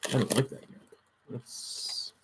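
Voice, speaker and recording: A man chatting casually on a crafting livestream, muttering to himself as he works, with dry sarcastic asides. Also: slow pace.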